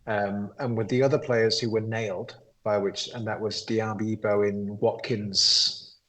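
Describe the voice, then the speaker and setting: A man's voice: fairly low pitch, little pitch movement, unhurried, fairly bright tone, rough recording. A man answering interview questions in a casual chat, thinking aloud with hesitations and restarts. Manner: thoughtful, hesitant, many ums and restarts. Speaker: guest, expert player.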